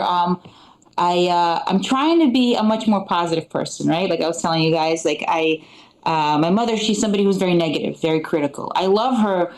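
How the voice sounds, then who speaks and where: A woman's voice: mid-range voice, darkish tone, rough recording. Middle-aged woman stand-up, from Eastern Europe; loose, filler-heavy, dry delivery. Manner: chatty, rambling, full of fillers and dry asides. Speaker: stand-up comedian. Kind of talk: live stand-up set. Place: comedy club stage.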